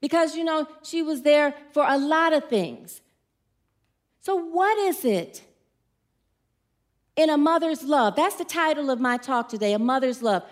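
A woman's voice: high voice, expressive, a little slow, long pauses. A middle-aged woman giving an informal sermon, chatty and playful, telling stories and putting questions to the congregation. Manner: warm, chatty, playful storytelling with audience questions. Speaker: speaker at a church gathering.

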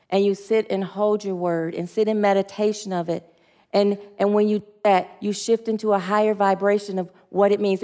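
A woman's voice: medium pitch, a little mellow. A woman minister giving a spiritual sermon, earnest and leading the group in spoken affirmations.

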